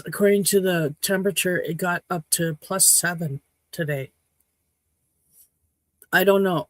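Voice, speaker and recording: A woman from Saskatchewan hosting a casual livestream chat at home, rambling and frank, her throat a little hoarse. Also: fairly low pitch, a little mellow, no room sound. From Saskatchewan, Canada. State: slightly hoarse throat after choking. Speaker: livestream host. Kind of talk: casual chat to a live audience.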